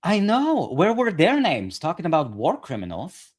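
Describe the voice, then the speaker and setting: A man's voice: a little high, wildly swooping pitch, normal speed, slightly rough. Male political commentator ranting on camera, sarcastic and profane.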